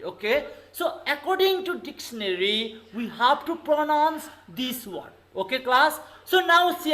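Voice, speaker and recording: A man's voice: very high voice, pushed and bright, poor audio. Nepali male teacher drilling his class. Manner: repetitive, keeps calling on the class with okay and everybody. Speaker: English teacher. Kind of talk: online classroom lesson.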